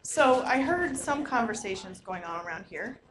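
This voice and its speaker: A woman leading a teacher workshop, lively and quizzing the audience with questions in a large room. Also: on the high side, moderate pace. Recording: echoey room, noisy live recording.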